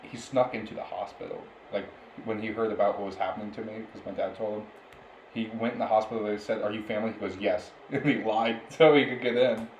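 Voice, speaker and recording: A man's voice: fairly low pitch, steady tone, fast, lo-fi sound. A young man on a podcast, rambling through a story and laughing often as he goes. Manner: laughs often while telling stories, rambling. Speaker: podcast co-host. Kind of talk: casual storytelling chat. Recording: roomy echo with faint background noise.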